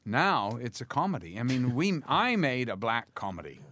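An older man being interviewed, telling lively anecdotes and mimicking others as he goes. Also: normal speed. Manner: lively storyteller, mimics others with big pitch jumps, laughs often. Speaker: actor guest.

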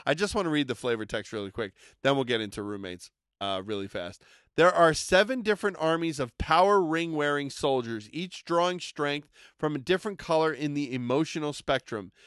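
An enthusiastic man co-hosting a podcast, his voice smooth and resonant and sitting a little high. He rambles cheerfully while hyping up products. The sound is close and dry. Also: a little fast, fairly bright tone, no room sound. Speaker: podcast co-host reviewing toys and collectibles. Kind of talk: casual podcast chat.

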